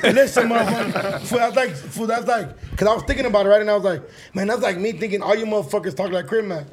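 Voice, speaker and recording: A man co-hosting a podcast, talking in a fast, excitable, joking way. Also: high voice, noisy background. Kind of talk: casual interview talk.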